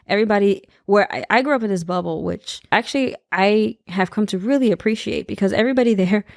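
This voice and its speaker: Podcast co-host: Puerto Rican woman, 30s, lively storyteller, dry close mic. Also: medium pitch, quick pace, creaky, no echo. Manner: animated, laughing, snarky asides. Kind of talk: casual storytelling chat.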